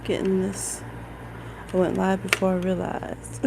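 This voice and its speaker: A woman's voice: medium pitch, steady tone, very slow, gravelly, pauses often. A woman with a Midwestern American accent, chatting casually on a live stream as a tarot reader, greeting viewers and laughing often. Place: home, room with a lamp, rain outside. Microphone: phone. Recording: home phone stream with rain noise.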